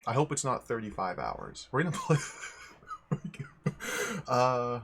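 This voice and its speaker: A man's voice: medium pitch, sing-song, unhurried, a bit bright, a little hiss or hum. A young man hosting a livestream, chatting casually, greeting viewers one by one and often rambling and correcting himself. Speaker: livestream host.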